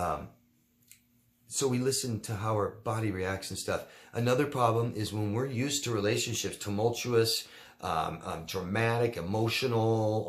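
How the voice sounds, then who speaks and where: Blunt, emphatic man with a lowish voice. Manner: emphatic and blunt, repeats key words. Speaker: relationship coach answering viewer questions. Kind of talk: casual Q&A monologue.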